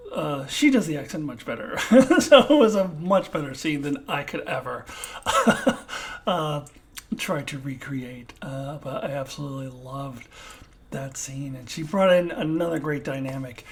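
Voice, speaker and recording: A woman giving an unscripted TV review alone, halting often to search for words and laughing at herself. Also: low voice, lively intonation. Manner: self-deprecating, laughs at herself.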